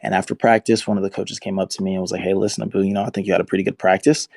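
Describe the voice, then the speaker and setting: A man's voice: low voice, flat delivery, rapid-fire, creaky, a little mellow, dry recording. A man in his twenties, a football player and interview guest, telling his story in an earnest, emotional way. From United States. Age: 20s.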